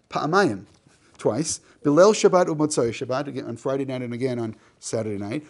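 A man's voice: a little high, gravelly. A man teaching a class, reading a text aloud, translating it line by line and joking with the students. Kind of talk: classroom lecture.

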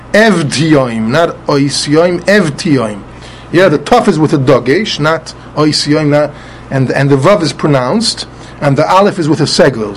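A man with a fairly high voice walks through a Talmud passage step by step. He spells out Hebrew letters in Ashkenazi pronunciation and often repeats words as he goes. A faint hum sits behind him. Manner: repeats words often while explaining, patient and methodical. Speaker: Talmud study teacher. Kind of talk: explaining a Talmud text.

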